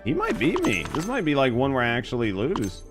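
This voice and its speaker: A man's voice: medium pitch, wildly swooping pitch, fairly quick, music in the background. A man with a Southern US accent, streaming a game and chatting casually with viewers, joking and swearing freely. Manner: profane, joking. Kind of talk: casual live-stream chat.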